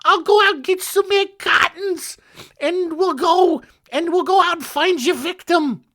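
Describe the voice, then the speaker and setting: A man mocking a woman with a high, sugary falsetto, playing an eager and fawning accomplice. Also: a little slow, bright, forceful tone, exaggerated voice.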